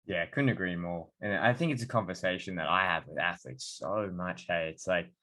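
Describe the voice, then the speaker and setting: A man hosting a podcast, chatting casually and telling stories in a relaxed way. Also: deep voice, a little fast. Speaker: podcast host, dietitian. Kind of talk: casual interview chat.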